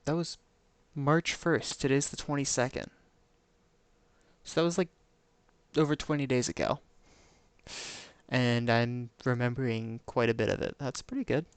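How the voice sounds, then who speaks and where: A man's voice: medium pitch, fairly even intonation, a little slow, long pauses, clear, resonant tone, no room sound. A man streaming a game live, musing to himself in casual commentary and hunting for the right words.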